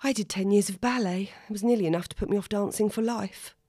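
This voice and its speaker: A woman's voice: mid-range voice, fast, dark tone, husky, dry recording, studio quality, pitched above the performer's own voice, natural voice. A woman reading aloud and voicing a prim, judgmental young mother. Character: snobbish, fussy young mother.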